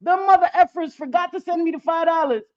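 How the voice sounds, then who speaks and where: High-voiced, profane middle-aged woman streaming. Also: fast, highs cut off. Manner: blunt and profane, laughing often. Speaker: livestream host. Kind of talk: casual live-stream chat.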